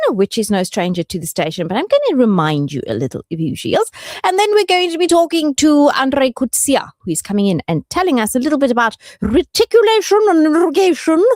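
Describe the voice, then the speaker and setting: A woman's voice: a little high, a little mellow, no room sound. A woman hosting a radio show in the studio, playful and affectionate in casual chat. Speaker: radio host.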